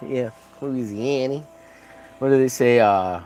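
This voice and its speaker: A man's voice: medium pitch, expressive, unhurried, a little mellow. A man chatting casually on a livestream while painting, rambling and joking at his own expense. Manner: rambling, jokey, self-deprecating. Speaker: livestreaming artist.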